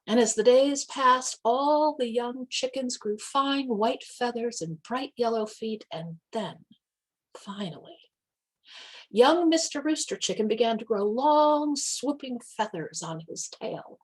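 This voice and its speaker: A woman reading a children's animal story aloud during a church service, expressive and animated. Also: fairly high pitch, slow.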